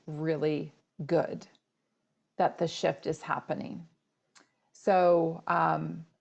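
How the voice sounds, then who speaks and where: A woman's voice: fairly low pitch, vocal fry, a little mellow, muffled recording. A middle-aged woman hosting a solo podcast, telling a personal story in a candid, casual way with plenty of fillers. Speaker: podcast host.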